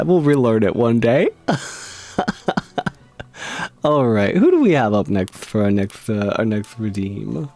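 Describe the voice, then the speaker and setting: A man's voice: lowish voice, sing-song, a little slow, pauses often, dark tone. Giggly, rambling male streamer. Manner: giggly and rambling, with frequent laughs. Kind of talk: casual live-stream chat with tarot reading.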